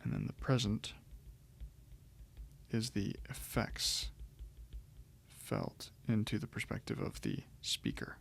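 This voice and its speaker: A man's voice: fairly low pitch, huge pitch swings, takes it slowly, vocal fry, pauses often, slight background noise. A man teaching Greek grammar in a recorded lecture, explaining step by step with frequent ums and restarts.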